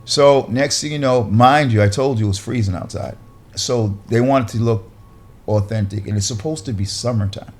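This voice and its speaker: A man, a podcast guest who works as an actor and director, telling a lively anecdote and acting out other people's lines. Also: normal speed. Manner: lively, acts out other people's lines with big pitch jumps. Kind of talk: animated storytelling anecdote.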